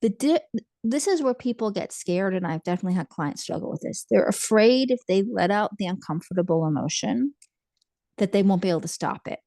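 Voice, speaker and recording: A woman's voice: mid-range voice, lively intonation, brisk, dark tone, no echo. A woman therapist talking in an earnest, reassuring way in a casual chat.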